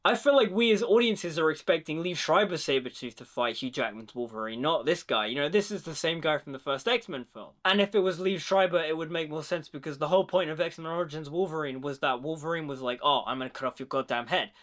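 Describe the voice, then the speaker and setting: A man's voice: on the high side, a little fast, hardly any pauses. Chatty young man reviewing a film. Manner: chatty, fills speech with "like"; enthusiastic, quotes lines in animated voices. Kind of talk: casual film reaction commentary.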